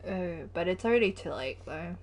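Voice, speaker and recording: A woman's voice: lowish voice, moderate pace, slight background noise. A young woman, chatting casually and giggling as she livestreams a game. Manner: chatty, giggly, animated storytelling. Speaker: gaming livestreamer. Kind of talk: casual chat while gaming.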